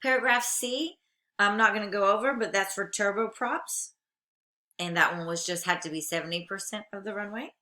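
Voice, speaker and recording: An aviation instructor with a mid-range, bright, forceful voice gives a recorded lecture at normal speed. She reads regulations aloud, then explains them plainly to her students.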